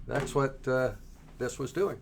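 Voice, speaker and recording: A man walks through a software demo with a gravelly edge to his voice. He talks slowly and in halting stretches, stopping to restart his sentences. The delivery stays relaxed throughout. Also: mid-range voice, slight background noise. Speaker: software tutorial presenter. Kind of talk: screen-recorded coding tutorial.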